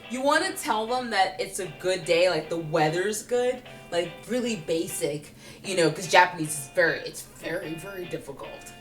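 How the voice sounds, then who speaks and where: A young woman vlogger telling comedic stories about acting, with an animated, playful delivery and goofy voices for the people she describes. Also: fairly low pitch, normal speed, roomy sound, recorded from a distance, soft background music. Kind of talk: comedic storytelling vlog.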